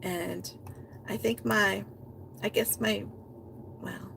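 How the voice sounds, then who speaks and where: A woman hosting a poetry reading, reading poems in a rhythmic, chant-like way and talking about them with hesitant pauses and restarts. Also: mid-range voice, fairly even intonation, creaky, fairly bright tone, slight background noise, rough recording. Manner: hesitant fillers and restarts in her chat, rhythmic chant-like recital.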